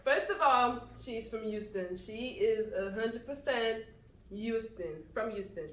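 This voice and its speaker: A young woman from Guyana co-hosting a casual eating vlog, chatty and quick to laugh. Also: fairly high pitch. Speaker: vlog co-host. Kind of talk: casual mukbang chat. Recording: echoey room.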